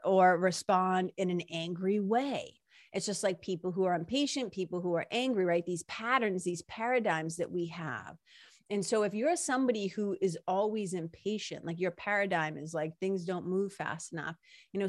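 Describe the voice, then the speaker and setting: A woman's voice: medium pitch, dry recording. Chatty woman with a dry close sound. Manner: chatty, animated, lots of "like" and "right?". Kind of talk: casual spiritual talk.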